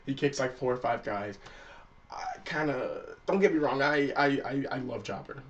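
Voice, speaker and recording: Casting note: male anime-review vlogger, mid-pitched, relaxed and profane, sitting a little far from the mic. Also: moderate pace, highs cut off. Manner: loose and profane, acts out characters' lines. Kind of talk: casual spoken episode recap.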